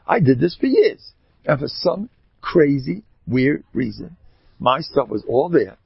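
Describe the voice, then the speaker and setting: A man giving a storytelling sermon, talking in an animated way with sudden loud, emphatic rises. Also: a little high, unhurried, creaky, slightly rough, no room sound. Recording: dull lo-fi dry recording.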